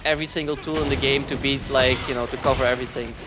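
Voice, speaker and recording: A man's voice: medium pitch, steady tone, very fast, over music. A man commentating a fighting game tournament in a casual, rambling way, often sarcastic and laughing.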